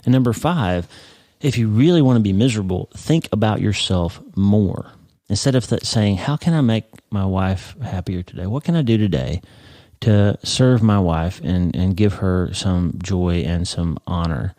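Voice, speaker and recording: A middle-aged man hosting a podcast, talking earnestly about happiness and acting out people's inner thoughts with rising excitement. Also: sits low, moderate pace, no echo. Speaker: podcast host. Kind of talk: motivational podcast talk.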